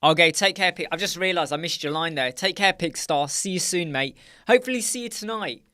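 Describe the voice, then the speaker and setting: A man's voice: a little high, brisk, sharp tone, no room sound, clean studio sound. A man hosting a casual live chat, reading out viewer comments and joking with them. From United Kingdom. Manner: chatty, jokey, reads viewer comments aloud and laughs often. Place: dark room with soundproof panels.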